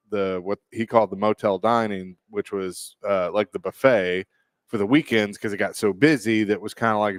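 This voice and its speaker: A man's voice: lowish voice, clean tone, dry recording. A male radio host in casual banter, telling a rambling story into a studio microphone with chuckles.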